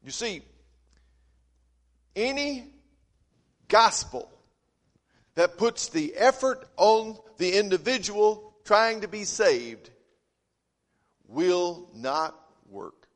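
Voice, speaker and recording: A man preaching a sermon, telling folksy stories and swinging between loud emphasis and quiet asides. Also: high voice, animated, drawn-out words, long pauses. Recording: long reverb of a church hall.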